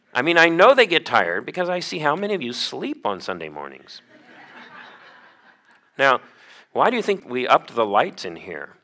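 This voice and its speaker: A man's voice: medium pitch, pushed and bright. A male pastor preaching a sermon to his congregation, asking them questions and joking with them. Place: church sanctuary.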